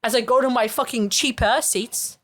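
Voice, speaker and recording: A young woman chats on a podcast with a fairly high voice. She rambles through self-mocking anecdotes, swearing casually and laughing at herself. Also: steady tone, normal speed, a bit bright. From Australia. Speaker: podcast co-host. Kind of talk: casual chat.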